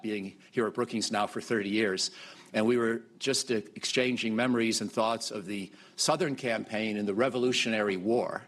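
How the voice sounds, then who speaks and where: A man at a podium introducing the next speaker with admiring praise, talking in a slightly halting way with fillers. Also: on the low side. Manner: warm, admiring, a little halting. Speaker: event moderator. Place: conference hall podium.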